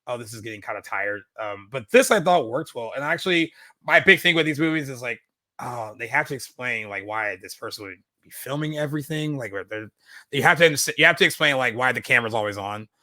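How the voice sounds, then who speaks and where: With lively intonation and a sharp tone, a man co-hosting a podcast talks a little fast in a mid-range voice during a casual film review chat. He meanders with plenty of fillers and restarts. The recording is dry.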